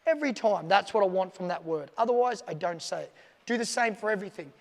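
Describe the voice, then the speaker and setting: Emphatic high-voiced male dog trainer. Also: expressive, fast talker, big-room sound. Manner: emphatic, repetitive, demonstrates commands aloud. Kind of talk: casual instructional video talk.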